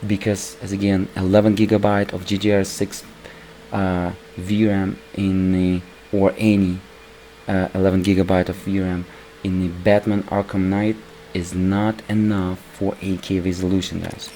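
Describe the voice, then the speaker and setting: A man with a voice worn hoarse from recording, casually commenting over his gameplay as a PC gaming channel host and calling his viewers "guys". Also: low-pitched, level tone, moderate pace, dark tone, a little hiss or hum, low-quality recording. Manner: keeps calling the viewers "guys", rambling with restarts.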